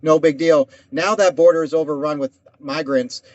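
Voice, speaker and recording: Guy ranting in casual chat, cussing a lot, kinda high voice, dry muffled audio. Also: steady tone, moderate pace, no echo. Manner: heated, rambling, swears often. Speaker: podcast co-host. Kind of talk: casual conversation. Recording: dull dry lo-fi sound.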